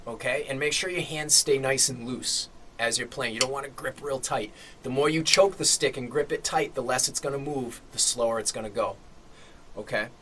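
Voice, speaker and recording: A man explains a drum technique in a bright, forceful voice, walking through each step and pausing to check in with "okay?". A faint hiss of room noise sits under his voice. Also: medium pitch. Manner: relaxed explaining, frequent "okay?" check-ins. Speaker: drum teacher. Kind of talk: instructional drum lesson.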